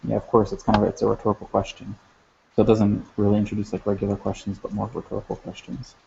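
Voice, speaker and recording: Gravelly, flat-voiced man teaching a lesson. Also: on the low side, noisy background. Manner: halting, many fillers and restarts. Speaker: language teacher. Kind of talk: recorded lesson. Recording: dull lo-fi sound.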